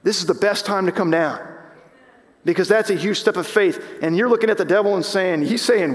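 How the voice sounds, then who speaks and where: Man, pastor, sermon, impassioned, restarts, slightly high voice, long hall echo. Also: a little fast. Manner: impassioned, rising and falling with emphasis, frequent restarts. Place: church sanctuary.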